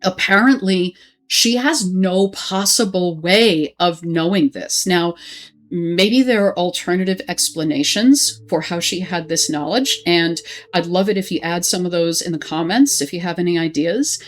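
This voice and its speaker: A woman explaining a horror film in a measured, scripted commentary. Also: fairly low pitch.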